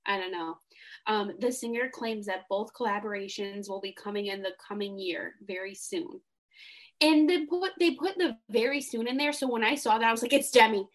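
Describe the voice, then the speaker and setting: A young woman co-hosting a casual fan podcast, animated and gushing, laughing often. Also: medium pitch, moderate pace. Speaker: podcast co-host.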